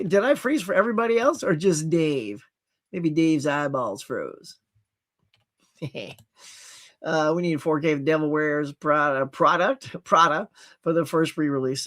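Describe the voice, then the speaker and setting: A man hosting a casual livestream from his home setup, chatting about new movie releases in an animated way and laughing at himself. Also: fairly high pitch, moderate pace. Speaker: livestream host. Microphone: computer with HD webcam.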